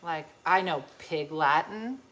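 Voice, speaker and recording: Slow and low, this New Jersey woman is slightly tipsy as she chats casually. She spins a story with lots of laughter and energy, performing the quoted voices of its characters herself.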